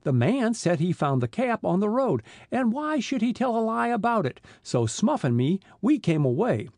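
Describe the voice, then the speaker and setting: A man's voice: sits high, big pitch swings, normal speed, darkish tone, dry recording, studio quality, pitched above the performer's own voice, heavily acted. A man doing a blustering, nervous small-town police chief. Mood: self-satisfied. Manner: blustering, nervous, folksy grammar.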